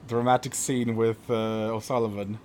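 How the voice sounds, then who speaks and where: A man's voice: on the low side, flat delivery, normal speed, darkish tone, slight background noise. A man running a tabletop game as game master, giving casual, hesitant descriptions.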